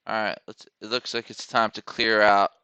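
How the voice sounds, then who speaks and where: Man, live trading commentary, lowish voice, very clear, self-correcting mutter. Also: flat delivery, normal speed, bright, forceful tone, no echo, muffled recording. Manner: self-correcting, muttering to himself over trade entries. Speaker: day trader streaming live trades.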